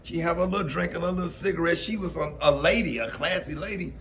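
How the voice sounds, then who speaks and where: A man's voice: a little high, quick pace, a bit bright, a little hiss or hum. A man hosting a radio show, telling personal stories in a casual way and laughing often. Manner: laughs often, tells stories with quoted voices. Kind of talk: casual storytelling on air.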